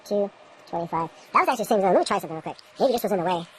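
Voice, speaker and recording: Her voice is mid-range, lively and racing as this woman vlogs from an indoor grow room, demonstrating light readings. She rambles at the camera and grumbles at her equipment, and the low-quality recording has slight background noise.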